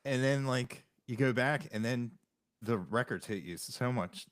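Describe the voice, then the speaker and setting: A man's voice: mid-range voice, unhurried, no room sound, clean studio sound. A man hosting a podcast in casual chat, easygoing and quoting his own reactions. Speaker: podcast host.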